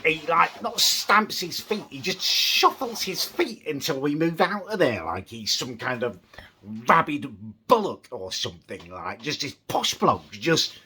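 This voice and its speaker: A young man vlogging casually. He talks quietly at first, then rants in an exasperated, sarcastic way. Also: a little high, sing-song, unhurried. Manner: quiet, subdued at the start. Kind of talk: casual vlog rant.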